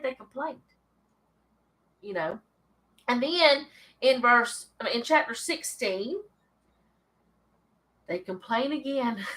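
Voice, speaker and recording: A woman with a bright, fairly high voice reads scripture aloud, then breaks off into relaxed, chatty commentary. She sounds like a host leading her own Bible study, with frequent asides. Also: poor audio. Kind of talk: casual Bible reading and commentary.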